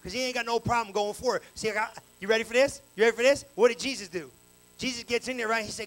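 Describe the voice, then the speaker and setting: Male pastor, very high voice, animated slangy sermon with call-and-response. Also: fast talker, poor audio. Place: church sanctuary.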